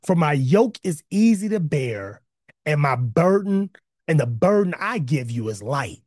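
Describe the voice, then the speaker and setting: A man preaching in a casual, energetic style to an online chat, breaking off into slangy asides and building to emphatic repetition. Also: fairly high pitch, measured pace, no room sound, clean studio sound. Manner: conversational slang, self-interrupting asides. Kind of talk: online sermon with chat interaction. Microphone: close mic, video call.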